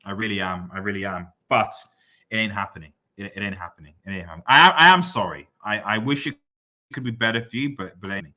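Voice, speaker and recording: A man on a live stream reads viewer comments aloud and answers them in a teasing, excitable running rant full of repeated phrases. His voice is fairly low-pitched and quick, and the chat is casual.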